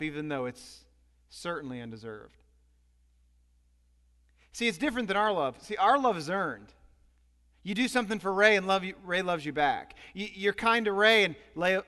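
A male pastor preaching in an animated, storytelling manner. His voice is high for a man and carries a long hall reverb around it. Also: smooth. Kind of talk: sermon.

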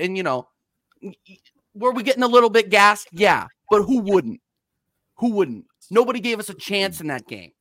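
A man giving a heated, mocking football rant as a stream guest, swinging between loud jabs and muttered asides. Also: sits high, sing-song, normal speed, long pauses, no echo.

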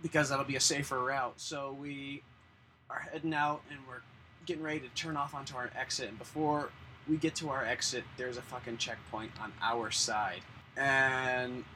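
Animated storytelling man, bright voice. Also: mid-range voice, moderate pace, a little hiss or hum, low-quality recording. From Denver area. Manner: animated, swearing, acts out voices in his story. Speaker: podcast guest, artist. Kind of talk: casual storytelling.

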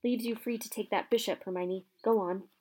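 Clever young boy strategist in a storybook , voiced by a woman; firm, quietly determined. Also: medium pitch, fairly even intonation, normal speed, slightly rough, close to an everyday voice. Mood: tense.

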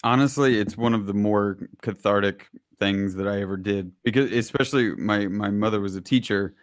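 Casual podcast co-host, male, low voice, dry close sound, rambling and jokey. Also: no echo. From Kansas. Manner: jokey, rambling, quick to laugh. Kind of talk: casual chat.

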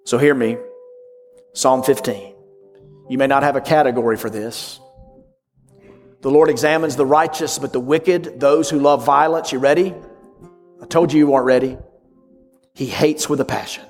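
A man preaching a sermon, swinging from loud emphatic lines to hushed whispers. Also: medium pitch, fairly even intonation, moderate pace, pauses often, long reverb tail, faint music behind. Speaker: pastor.

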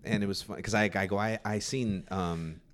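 A man's voice: on the low side, steady tone, moderate pace. A man hosting a podcast, chatting casually and rambling through travel and movie stories, swearing often and acting out the voices he quotes. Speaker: podcast host.

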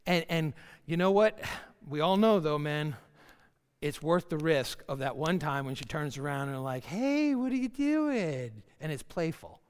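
A man's voice: fairly high pitch, steady tone, moderate pace, smooth. Joking man preaching in a big hall. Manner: folksy, joking, with acted asides. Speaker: pastor. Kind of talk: sermon. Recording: reverberant hall.

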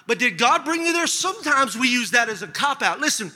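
Bright high-voiced preacher in a reverberant hall. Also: male voice, fairly quick, hardly any pauses. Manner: lively storytelling with laughs and punchy asides. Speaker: pastor. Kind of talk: sermon. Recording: large hall with long reverb.

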